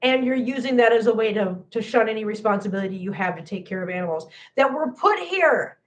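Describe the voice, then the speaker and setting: A woman's voice: on the high side, lively intonation, brisk, few pauses. A woman hosting a cat channel livestream, tearful and talking to viewers in an emphatic, impassioned way that repeats phrases.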